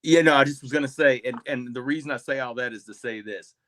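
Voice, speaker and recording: A man's voice: mid-range voice, fast talker, a bit bright, no echo. A man on a casual discussion panel, hesitant at first and full of restarts, then making his argument firmly. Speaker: panel guest.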